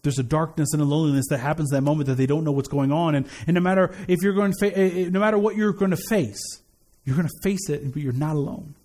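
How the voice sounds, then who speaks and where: High-voiced man preaching earnestly. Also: fast, dark tone. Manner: earnest, repeats key phrases for emphasis; frequent stammered restarts. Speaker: pastor. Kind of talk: conversational sermon.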